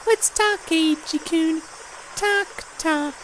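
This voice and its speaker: A creepy teenage girl , voiced by a woman, talks in a sweet sing-song that hides a threat, repeating herself as she closes in. Her voice sits extremely high and light. This is a fan voice performance of a game scene. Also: slow pace, fairly bright tone, slight background noise, heavily acted, poor audio. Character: eerie teenage girl stalking a frightened boy.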